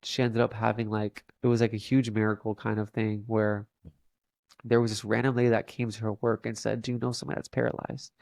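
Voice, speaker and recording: A young man, a podcast guest, telling a long story in a halting way with many fillers and restarts. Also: lowish voice, little pitch movement, vocal fry, a little mellow, dry recording. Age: young adult. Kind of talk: casual storytelling interview.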